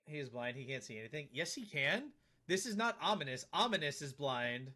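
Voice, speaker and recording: A man live-streaming a game in relaxed, chatty banter. His voice sits slightly high and climbs sharply when he pesters a character on screen, then settles back down into a laid-back, teasing tone. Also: fairly quick. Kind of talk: casual live-stream chat.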